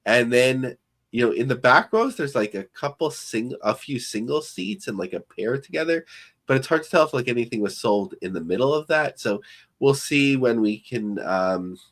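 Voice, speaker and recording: A man's voice: mid-range voice, animated, normal speed, a bit bright. A man co-hosting a podcast, talking through business news in a loose, rambling way with many fillers. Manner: rambling, filler-heavy and thinking aloud. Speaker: podcast co-host. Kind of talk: casual podcast commentary.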